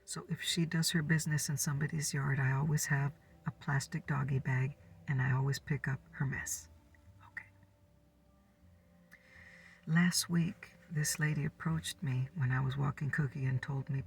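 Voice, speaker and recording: A woman in her fifties telling a neighborhood gossip story in a soft, whispered ASMR style. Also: low-pitched, steady tone, normal speed, recorded from a distance. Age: 50s. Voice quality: breathy.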